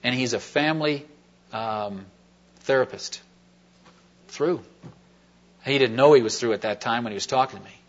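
A man's voice: medium pitch, moderate pace, long pauses. Folksy man telling a sermon story. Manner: rambling, folksy, with many fillers and restarts. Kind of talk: sermon testimony, conversational storytelling. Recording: dull lo-fi recording.

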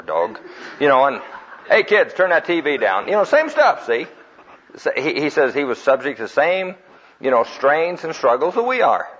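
Male preacher, husky, folksy storyteller, lo-fi sermon tape. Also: medium pitch, fairly bright tone. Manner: folksy storytelling, acts out quotes, laughs at own jokes. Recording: dull lo-fi recording.

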